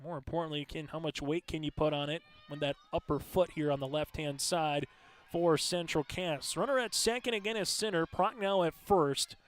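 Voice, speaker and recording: A man calling live high school softball play-by-play in a steady, conversational way, filling pauses with stats and lineup notes. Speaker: play-by-play announcer. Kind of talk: live sports commentary.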